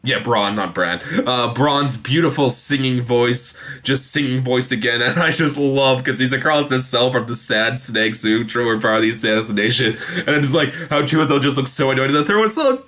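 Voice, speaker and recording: A man's voice: medium pitch, sharp tone. A young man casually recapping a TV episode, rambling with lots of fillers and restarts. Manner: rambling, many fillers and restarts, quotes characters in quick voices. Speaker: TV show reviewer.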